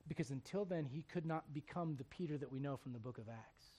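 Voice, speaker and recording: A man's voice: fairly high pitch, fast, warm tone, slightly rough. A man preaching a sermon as pastor, retelling scripture stories in casual everyday speech. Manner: storytelling preacher, voices biblical figures in casual speech.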